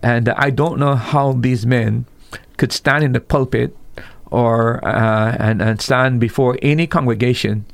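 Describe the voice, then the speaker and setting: Gravelly-voiced pastor, emphatic. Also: male voice, medium pitch, steady tone, measured pace. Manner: emphatic, rises sharply when quoting preachers. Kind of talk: radio talk show discussion.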